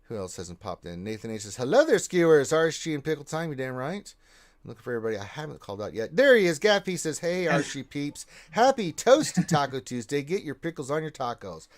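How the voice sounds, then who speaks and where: A man hosting a casual gaming livestream, reading out chat messages and giving loud shout-outs to viewers. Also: fairly high pitch, big pitch swings, quick pace.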